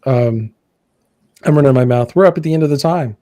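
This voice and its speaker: A man's voice: mid-range voice, brisk, dark tone, no echo. An American man hosting a live online chat, talking casually and rambling as he corrects himself. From United States. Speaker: livestream host.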